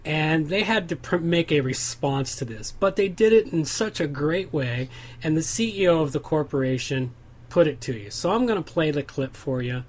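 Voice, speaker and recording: Male host, fairly high voice, halting casual delivery, talks to listeners. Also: expressive. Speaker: podcast host. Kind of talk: casual chat, steering segments.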